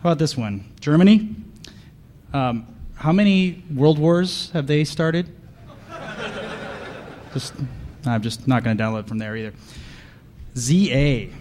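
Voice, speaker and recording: A man's voice: mid-range voice, a little slow, pauses often, a little hiss or hum. Sarcastic man joking at a conference. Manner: sarcastic, deadpan jokes with audience asides. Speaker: conference speaker. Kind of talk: comedic conference talk. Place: conference hall with audience.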